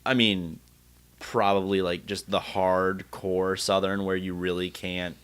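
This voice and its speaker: A man hosting a laid-back conversation in a somewhat low voice. He rambles, restarting sentences as he works out his thoughts. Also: little pitch movement, measured pace, a bit bright, clear, resonant tone. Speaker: podcast host. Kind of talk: casual chat.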